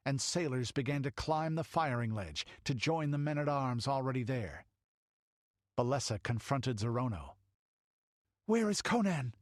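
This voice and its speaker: A man's voice: mid-range voice, dry recording, clean studio sound. A man reading an audiobook in dramatic storytelling narration. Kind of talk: scripted narration.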